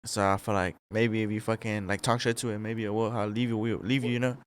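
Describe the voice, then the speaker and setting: A man's voice: fairly low pitch, level tone, fast. A young man chatting casually on a podcast, slangy and profane, retelling things he has heard. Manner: slangy, profane, laid-back. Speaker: podcast co-host. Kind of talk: casual chat.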